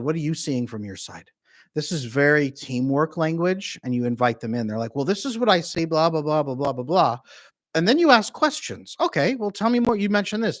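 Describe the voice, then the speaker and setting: A man who works as a relationship coach gives casual advice and briefly acts out both partners in quick asides. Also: mid-range voice.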